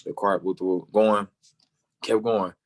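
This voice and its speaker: A young man, a football player, telling his story in an interview and acting out the people he quotes, sometimes jumping way up in pitch for their lines. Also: steady tone, slow. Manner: acts out quoted voices, jumping high for other people.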